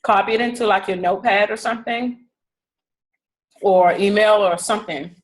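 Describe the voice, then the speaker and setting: A woman gives her business team a casual coaching talk. She speaks directly and keeps checking that everyone follows along, at a middle pitch. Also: moderate pace, rough recording. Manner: casual, direct, repeats "okay?" to check understanding. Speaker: fitness business team leader.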